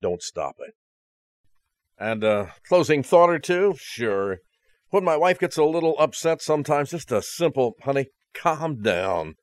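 A man's voice: a little high, animated, unhurried, dry recording. A man preaching a conversational sermon, earnest and direct, with dry jokes at the close. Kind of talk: radio sermon.

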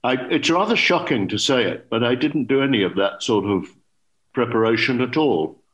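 An older man, an English actor, telling anecdotes in a relaxed interview and acting out quoted dialogue. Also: mid-range voice, normal speed, highs cut off. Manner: lively storyteller, acts out quoted dialogue. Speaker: actor guest.

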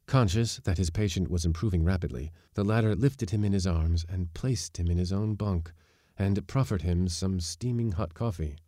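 A man with a very low, dark voice narrates a short story for a podcast in a measured, even manner, like an audiobook reader. The scripted reading is recorded dry and close, with no room echo.

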